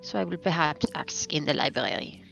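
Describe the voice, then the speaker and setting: A woman's voice: deep voice, moderate pace, vocal fry, a bit bright, soft background music. A woman playing a tabletop game, talking casually and hesitantly with many fillers. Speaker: player.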